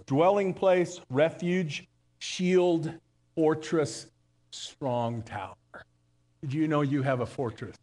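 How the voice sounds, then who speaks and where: A male pastor giving a live church sermon in a conversational way, telling jokes and often restarting his sentences. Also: fairly high pitch. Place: church service.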